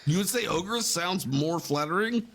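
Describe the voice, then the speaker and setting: A man co-hosting a podcast in casual chat, teasing his co-host with quick, profane interjections. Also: high-pitched, expressive, a bit bright.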